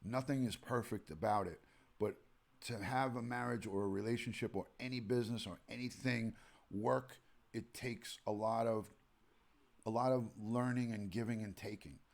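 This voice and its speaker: A gravelly-voiced New York man in his forties, talking casually on a home live stream late at night. He rambles from story to story and breaks off to greet viewers by name. His pitch sits at an ordinary middle level for a man. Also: fairly even intonation, moderate pace. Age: 40s. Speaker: livestream host, retired detective.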